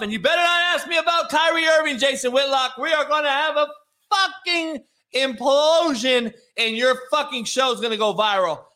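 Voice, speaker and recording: A man's voice: very high-pitched, bright, forceful tone. A man hosting a sports talk show, brash and profane, rambling through opinions in casual sports talk.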